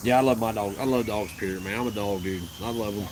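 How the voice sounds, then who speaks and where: A man with a lowish voice chats on a casual home livestream, rambling about his dogs and cracking crude jokes. His talk is loose and unpolished. Insects and passing vehicles are clearly heard behind him. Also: fast talker, background noise. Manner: rambling, crude and joking, baby talk to the dog. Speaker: livestream host.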